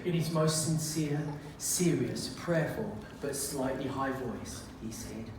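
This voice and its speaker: A man's voice: mid-range voice, slow. Playful man telling a story, echoey room. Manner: playful, laughs at own jokes. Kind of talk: comic storytelling. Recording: echoey room, distant mic, noisy.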